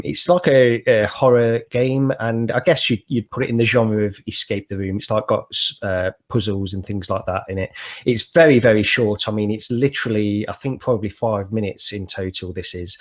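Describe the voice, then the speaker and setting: A man with a low voice reviews a short game on a casual podcast. He talks in a measured, plain way. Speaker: podcast co-host.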